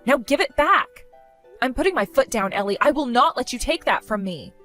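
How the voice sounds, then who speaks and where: A woman's voice: sits high, animated, brisk, a bit bright, faint music behind. A woman voicing a weary, exasperated young married woman who answers with dry sarcasm in a text-story skit.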